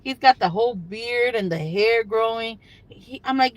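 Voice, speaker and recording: A woman's voice: a little high, a little slow, low-quality recording. An older woman hosting a casual livestream from her car, talking to viewers by phone in a rambling, chatty way with lots of fillers. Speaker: livestream host. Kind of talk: casual live chat with viewers. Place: in a parked car.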